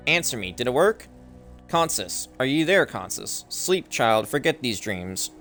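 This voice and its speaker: A young man hosting a gaming channel, reading game text aloud slowly, stumbling and correcting himself, now and then swearing when confused. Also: medium pitch, big pitch swings, a bit bright, faint music behind.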